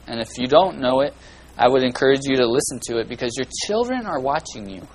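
A man preaching a sermon in a folksy, earnest way, swinging between loud and hushed delivery. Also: medium pitch, lively intonation, fast, slight background noise, rough recording. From California.

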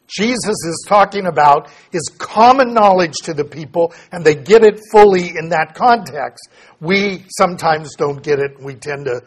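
A man's voice: a little high, husky. A man giving a conversational Bible lesson, explaining plainly, asking his listeners questions and reading scripture aloud. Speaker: Bible teacher.

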